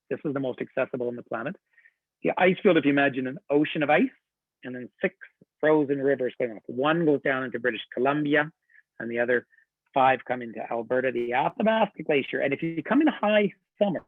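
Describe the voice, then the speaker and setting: A medium-pitched man, a tour director, gives a chatty, enthusiastic webinar presentation, telling stories and laughing. The audio is dry with no room sound, over a tinny, phone-like line.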